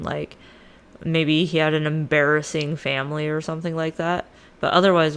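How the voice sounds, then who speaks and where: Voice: medium pitch, fairly bright tone, clean tone. Podcast host retelling myths, swears a lot, super casual and slangy. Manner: profane, slangy, irreverent.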